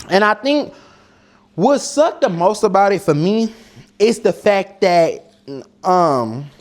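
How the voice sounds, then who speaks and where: A man from Detroit hosting a casual cooking show, talking bluntly and swearing a lot, muttering to himself at the stove. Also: high-pitched. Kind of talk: casual talk while cooking. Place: home kitchen.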